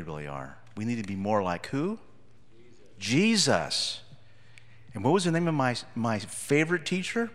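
Telling the children a tale from his school days, a pastor keeps stopping to ask them questions. His animated voice swings widely in pitch and echoes through a large church hall.

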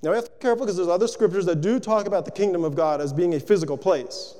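A man's voice: sits high, rapid-fire, dark tone, big-room sound. A man preaching a sermon, working through rhetorical questions in a loose, conversational way.

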